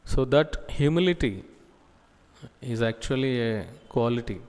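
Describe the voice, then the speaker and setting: A man giving a scripture class as a preacher, talking slowly with many pauses and fillers. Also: medium pitch, lively intonation, darkish tone, big-room sound. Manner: slow, halting delivery with many pauses and fillers. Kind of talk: sermon. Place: temple hall.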